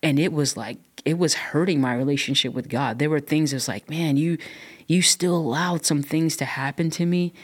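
A woman's voice: low voice, normal speed, husky. A woman guest on a podcast, talking with passion and emphasis as she shares her faith story. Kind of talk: casual podcast conversation.

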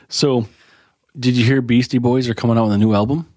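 A man's voice: mid-range voice, darkish tone, no echo, studio quality. A man co-hosting a podcast in casual chat, throwing questions at his partner, telling jokes and swearing casually. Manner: joking, asks lots of questions. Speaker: podcast co-host.

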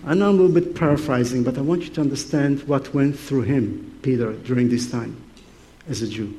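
A man preaching a sermon in an animated, playful storytelling manner. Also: medium pitch, fairly quick, slight background noise.

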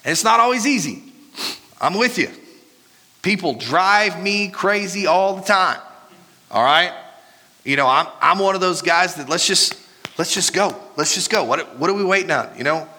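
Bright-voiced pastor preaching in a hall. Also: male voice, sits high, normal speed, pauses often. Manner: animated, joking, laughs at own stories. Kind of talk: sermon. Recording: reverberant hall with faint music.

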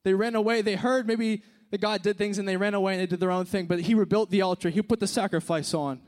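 A man delivers a sermon in a relaxed, conversational way, his voice sitting fairly high. He drops low and quiet for dramatic moments, then climbs into emphatic bursts. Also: fast. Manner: conversational, swings from hushed to emphatic.

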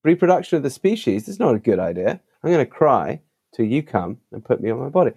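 A man's voice: medium pitch, big pitch swings, quick pace, creaky, warm tone, slightly rough, voice pushed up, heavily acted. A man voicing a frightened infant left alone in the wild, calling out in a mock-urgent, comic way. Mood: alarmed.

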